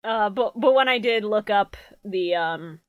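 A woman's voice: mid-range voice, measured pace, clear, resonant tone, no echo. A young adult woman co-hosting a podcast in casual chat, laughing often and swearing freely. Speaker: podcast co-host.

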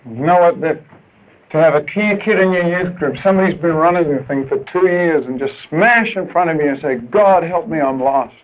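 A man preaching a sermon to other preachers, emphatic and urgent, dropping at times to quiet, earnest asides. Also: fairly high pitch, a little fast. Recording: tinny lo-fi old tape recording.

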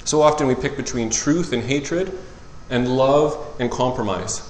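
A man's voice: medium pitch, measured pace, slight background noise. Impassioned male pastor in an echoing church. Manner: impassioned preaching, rising loud on scripture, dropping soft and tender. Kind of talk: sermon. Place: church sanctuary. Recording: roomy church echo.

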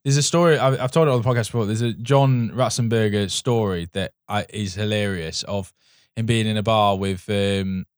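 A man's voice: lowish voice, steady tone, normal speed, clean tone, dry recording, studio quality. A man co-hosting a casual film podcast, rambling with lots of fillers. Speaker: podcast co-host.

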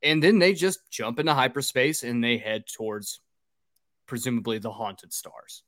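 A man's voice: mid-range voice, moderate pace, fairly bright tone, no echo, clean studio sound. A man hosting a casual podcast, recapping a film's plot in a loose, rambling way with fillers and swearing. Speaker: podcast host recapping a film.

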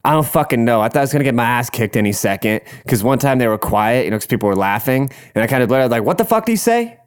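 A man's voice: mid-range voice, fast talker, smooth. A young man casually telling a rambling, profane story, laughing as he goes.

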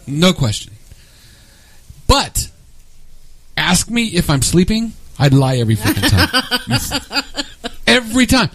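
A man co-hosting a radio show, telling animated stories, laughing often and acting out both sides of a quarrel. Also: sits high, slow, long pauses, breathy edge. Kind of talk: casual radio banter.

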